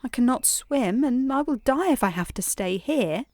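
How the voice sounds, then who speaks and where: A woman's voice: mid-range voice, lively intonation, normal speed, no room sound, natural voice. Lady doing a sulky crying little girl, bedtime story, voice goes up and down a lot. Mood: frightened. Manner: soft storybook voicing.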